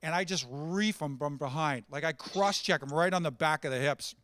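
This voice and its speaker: Ex hockey guy spinning stories, high voice, dry sound. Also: smooth, no echo. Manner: animated anecdotes, frequent "you know". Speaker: former hockey player, guest. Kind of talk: casual storytelling.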